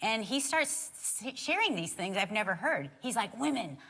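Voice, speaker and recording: A woman's voice: mid-range voice, moderate pace, vocal fry, breathy edge. A woman telling a story on a church stage beside her husband, acting out what people said. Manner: expressive storyteller, acts out quotes. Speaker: co-teacher on marriage with her husband. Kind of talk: live sermon storytelling. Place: church stage before a live audience.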